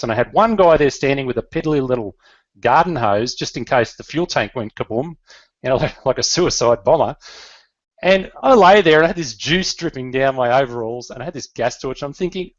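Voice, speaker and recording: A middle-aged Australian business leader with a mid-range voice tells his life story earnestly and emotionally, with fillers and restarts. The audio is dull but has no echo.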